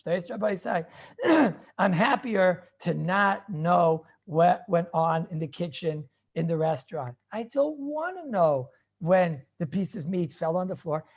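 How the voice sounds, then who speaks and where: A man's voice: high-pitched, expressive, unhurried, creaky. A male rabbi giving an informal, rambling class on Jewish law, repeating words and restarting phrases, mixing Hebrew and Yiddish terms into his English.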